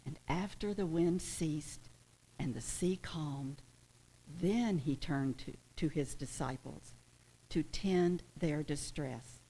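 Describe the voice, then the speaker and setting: Slow-preaching woman pastor in an echoey hall. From US Tornado Alley. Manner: slow, building to forceful preaching. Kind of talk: sermon. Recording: echoey hall, distant mic, rumble.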